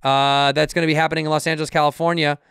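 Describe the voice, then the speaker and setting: Fast-talking joking man. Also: fairly high pitch, little pitch movement, fairly bright tone, clean tone, dry recording, studio quality. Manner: fast, joking, puts on mock voices. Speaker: podcast co-host. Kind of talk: casual banter.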